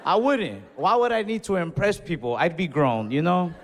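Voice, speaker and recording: A man's voice: high voice, expressive, moderate pace, creaky, a little hiss or hum. A young man performing stand-up, telling casual, conversational stories with Spanish asides. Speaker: stand-up comedian. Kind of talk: stand-up routine. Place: comedy club stage before a laughing audience. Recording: live stage mic with long hall reverb.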